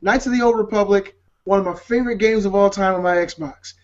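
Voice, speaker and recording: A man's voice: sits high, a little fast, highs cut off. A man co-hosting a gaming podcast, rambling with restarts and cracking jokes. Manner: rambling, hesitant, joking. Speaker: podcast co-host. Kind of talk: casual chat.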